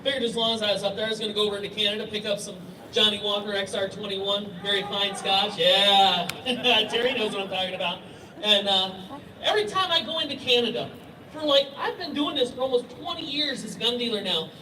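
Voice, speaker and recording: A man's voice: high-pitched, brisk, noisy background. Middle-aged man joking over an echoey PA. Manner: storytelling, laughs at own jokes. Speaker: rally emcee and gun dealer. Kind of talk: joking stage emcee speech. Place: outdoor rally stage. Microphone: stage microphone heard through PA from afar. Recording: echoey PA sound from far off.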